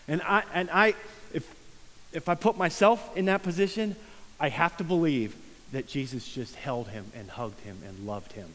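A man's voice: on the high side, normal speed. Earnest male preacher in a reverberant hall. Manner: earnest, conversational preaching with soft hushed emphasis. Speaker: pastor. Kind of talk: sermon. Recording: long reverb of a large room.

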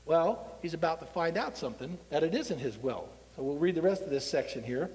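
A man's voice: on the high side, expressive, brisk, darkish tone, long reverb tail. A man preaching a sermon in a conversational, wry way, asking his congregation questions. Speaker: pastor.

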